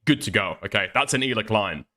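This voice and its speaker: A man's voice: lowish voice, lively intonation, fairly quick, sharp tone. A man hosting a commentary stream, rambling and swearing with laughing asides. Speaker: streamer host.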